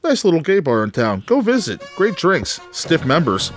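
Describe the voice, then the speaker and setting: A man's voice: fairly high pitch, huge pitch swings, normal speed, faint music behind. A man narrating a crude comedic script read-through, ad-libbing rude jokes, laughing and stumbling over words.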